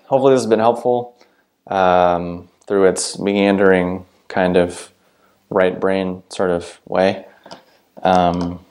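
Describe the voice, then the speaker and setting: A man's voice: low voice, darkish tone. A man talking to camera in a meandering, blunt, profane solo monologue with many fillers. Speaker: video host.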